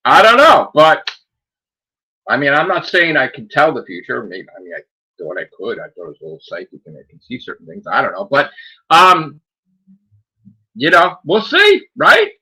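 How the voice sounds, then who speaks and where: Defiant, sarcastic man ranting brightly. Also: a little high, huge pitch swings, normal speed, pauses often, breathy edge, poor audio. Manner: defiant, sarcastic, repetitive rhetorical questions. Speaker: podcast host. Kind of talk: solo rant on a gaming podcast.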